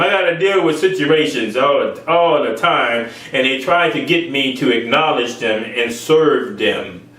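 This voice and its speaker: An expressive, mid-range voice with a fairly bright tone carries this informal sermon at a measured pace. The man repeats phrases for emphasis and voices other people in raised tones, heard from afar in an echoey room.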